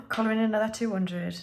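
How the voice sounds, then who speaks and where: A woman, chatting casually to viewers while counting cash into budget envelopes. She counts aloud in a breezy way, with offhand asides, and sounds a little under the weather. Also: mid-range voice. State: slightly unwell, clearing throat. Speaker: budgeting YouTuber.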